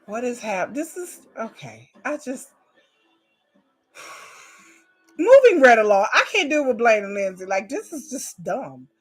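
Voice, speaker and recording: A woman's voice: fairly high pitch, sing-song, takes it slowly, long pauses, husky, soft background music. Outspoken woman reacting. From Texas. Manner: outspoken, emphatic, slangy. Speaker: reaction video host. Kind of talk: casual reaction commentary.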